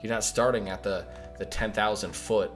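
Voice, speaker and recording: A mod developer hosts a livestream update, talking casually and animatedly, rambling, reading chat aloud and swearing now and then. His voice is on the low side at a moderate pace, with faint music behind him.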